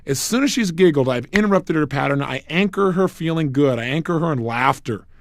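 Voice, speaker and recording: A man's voice: a little high, animated, fairly quick, no echo, studio quality. A man speaking as a motivational speaker in a recorded self-help program, emphatic and repetitive, telling stories to make his points.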